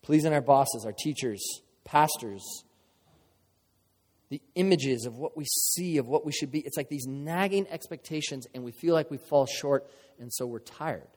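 A man's voice: medium pitch, moderate pace, a little mellow. Earnest preacher man in a reverberant hall. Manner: earnest, conversational, emotional, with playful asides. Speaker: pastor. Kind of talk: sermon. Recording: long reverb of a large hall.

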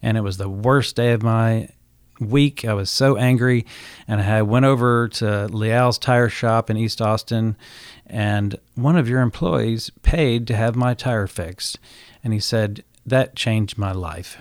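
A man's voice: on the low side, measured pace, no room sound. A man appearing as a guest author on a radio show, telling a story earnestly with many fillers, on a studio microphone. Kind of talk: radio interview.

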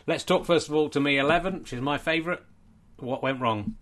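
A man's voice: fairly high pitch, a little fast, hardly any pauses. A man, a comedian hosting a charity livestream, rambling and mock-pleading in late-night comic chat. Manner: rambling, mock-pleading, often hushed and quiet.

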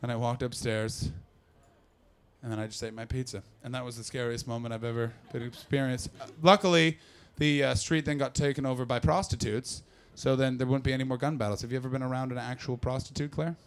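A man telling a comic story on a podcast, animated and breaking into loud impressions. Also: medium pitch, a little fast, smooth. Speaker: comedian and podcast host.

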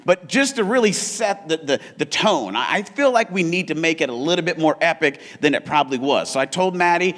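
A man preaching a sermon in a church, energetic and joking, whooping with excitement and stumbling into restarts. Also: high voice, a little fast, loud music behind the voice. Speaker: pastor. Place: church auditorium.

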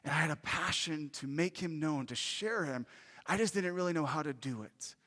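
Male preacher, earnest and animated, a touch high, reverberant sanctuary sound. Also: normal speed. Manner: earnest, animated storytelling with questions to the congregation. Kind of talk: sermon with personal story. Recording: long reverb of a large hall.

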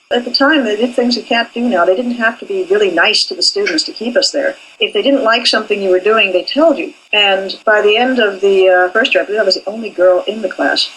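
A woman's voice: medium pitch, a bit bright, husky, rough recording. An older woman, an animation professor, speaking candidly in an interview about her training. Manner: candid and forthright.

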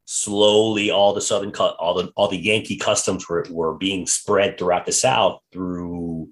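Male podcast host, lower voice, animated storyteller, reads old quotes aloud. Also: a little slow. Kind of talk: casual history chat.

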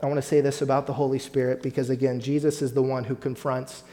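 Male pastor, mid-pitched voice, sermon delivery, builds emphasis, speaks straight to the congregation. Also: level tone, quick pace, warm tone. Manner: preaching with rising emphasis, addresses congregation directly.

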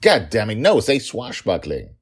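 A man's voice: fairly low pitch, huge pitch swings, moderate pace, voice pushed up, exaggerated voice. A man voicing an exasperated dragon dad. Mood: frustrated. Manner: exasperated, loud, insistent. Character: hot-tempered pirate dragon father.

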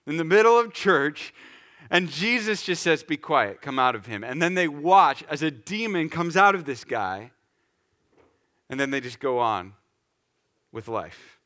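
Guy preaching, chatty and animated, acts stuff out, kinda high bright voice. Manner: lively, conversational, acts out scenes. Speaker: pastor. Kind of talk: sermon.

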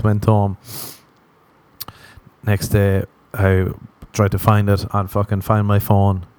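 A man's voice: fairly low pitch, darkish tone, dry recording. A male comedian hosting a podcast, talking in a crude, self-mocking, rambling monologue. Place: city in the western US.

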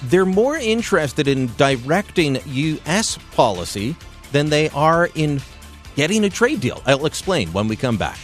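Animated sarcastic male radio host. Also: fairly high pitch, unhurried, faint music behind. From Canada. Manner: emphatic, sarcastic, lively delivery. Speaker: radio talk show host. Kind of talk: opinionated radio commentary.

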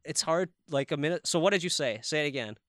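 Bright, crisp-voiced joking podcast man. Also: on the high side, animated, fast, dry recording, clean studio sound. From Minnesota. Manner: joking, mimics local dialects. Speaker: podcast co-host. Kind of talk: casual chat.

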